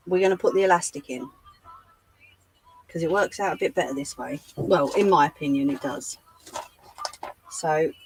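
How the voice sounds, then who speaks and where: A woman's voice: on the low side, a little hiss or hum, poor audio. Woman chatting through a sewing demo. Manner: chatty, talks to live chat while demonstrating. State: losing her voice. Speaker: craft livestream host. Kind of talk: live sewing tutorial chat.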